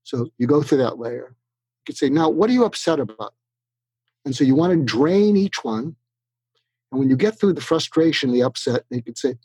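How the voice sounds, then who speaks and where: Husky man giving animated advice. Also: on the high side, normal speed, no echo. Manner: animated, acts out both sides of sample dialogues. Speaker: guest expert. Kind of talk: conversational advice in an interview.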